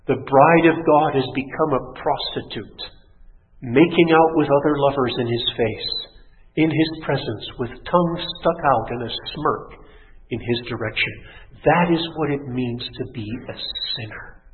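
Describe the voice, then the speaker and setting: A man preaching a sermon with emphasis, building repeated lists to a high pitch. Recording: echoey hall over a tinny phone-like line.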